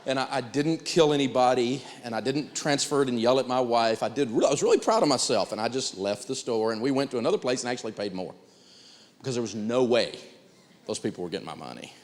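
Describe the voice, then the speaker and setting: A man's voice: medium pitch, quick pace, big-room sound. A man teaching personal finance to a live class, telling a story animatedly and acting out the dialogue. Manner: animated, acts out dialogue, chuckles.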